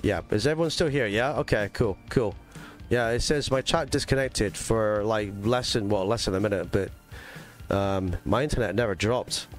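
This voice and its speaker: Over soft background music, a man with a fairly low voice talks at a normal speed. He has a mixed English-Scottish accent and is livestreaming a racing game, rambling to his chat with plenty of fillers.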